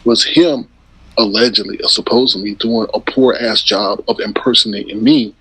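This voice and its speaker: Blunt, indignant male ranter, rough husky voice. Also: on the low side, steady tone, moderate pace, fairly bright tone, no room sound, rough recording. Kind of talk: ranting commentary.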